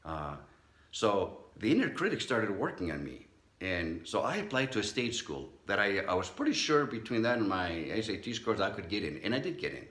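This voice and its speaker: A man's voice: fairly low pitch, big pitch swings, normal speed, fairly bright tone, reverberant. A middle-aged man, a psychologist, giving a motivational talk and telling a personal story, acting out the voices he quotes. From Southern California. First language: not English.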